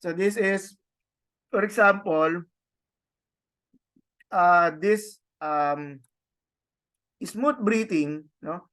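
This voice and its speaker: Male teacher from the Philippines, deliberate halting delivery with frequent restarts, leading a class. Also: high voice, a bit bright. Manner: halting, with many restarts and tag questions. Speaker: Greek teacher. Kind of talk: online class lecture.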